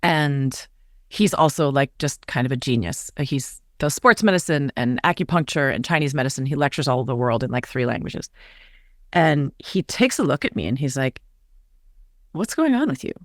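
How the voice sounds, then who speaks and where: Low-voiced woman telling a personal story. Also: normal speed, no echo, clean studio sound. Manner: earnest, confiding, animated retelling with quoted voices. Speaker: podcast guest, actress.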